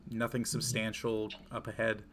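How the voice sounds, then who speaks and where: A man narrating a tabletop game as game master, in a relaxed, descriptive way with fillers. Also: fairly low pitch, normal speed, a little hiss or hum.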